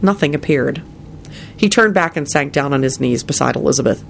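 A narrator reading a fantasy story aloud in an expressive storytelling manner. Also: mid-range voice, a little fast, creaky, a little hiss or hum. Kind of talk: reading fan fiction aloud.

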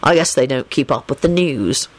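A woman voicing a sly, gleeful young werewolf wizard man who grumbles in a lowered voice. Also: animated, normal speed.

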